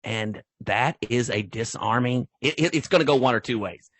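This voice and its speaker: Speaking briskly in a medium-pitched, slightly rough voice with no echo, a middle-aged man shares his years as a football referee on a casual podcast. He tells stories animatedly and acts out what was said on the sidelines.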